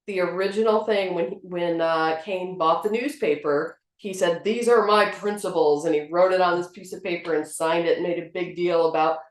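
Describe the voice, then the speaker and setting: A woman with a slightly low voice walks through movie scenes in detail, quoting characters with animation. The sound is roomy and echoey. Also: normal speed, few pauses. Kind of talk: casual film discussion. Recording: roomy echo.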